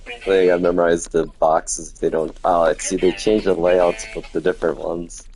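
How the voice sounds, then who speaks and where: A man giving low-key, casual commentary while playing a video game on stream, muttering to himself as he goes. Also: flat delivery, moderate pace, a little mellow. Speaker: gaming streamer.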